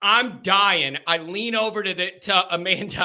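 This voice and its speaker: A man with a very high, piercingly bright voice tells a rambling story on a live call-in show. He swings from low mutters to near-shouts and is loose and profane. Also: a little slow, hardly any pauses. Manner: profane, rambling with many fillers. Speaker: host telling a story.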